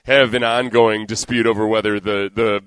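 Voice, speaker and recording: A man's voice: lowish voice, normal speed, smooth, no echo. A man co-hosting a sports radio show, a former defensive lineman who rants with emphatic outbursts in casual banter. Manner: animated, ranting with emphatic outbursts. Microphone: studio microphone.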